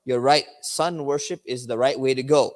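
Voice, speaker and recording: A sly ancient prophet, put on by a male lecturer, teasing a crowd of star worshippers with overdone sarcasm. His voice leaps up in exaggerated excitement. The sound carries a long hall reverb. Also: mid-range voice, moderate pace, natural voice. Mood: mock excitement. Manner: sarcastic, feigned enthusiasm then feigned disappointment.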